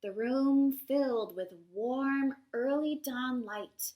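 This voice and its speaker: Slow playful woman reading a picture book. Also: sits high, dark tone. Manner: playful, with asides to young listeners. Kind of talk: read-aloud for children.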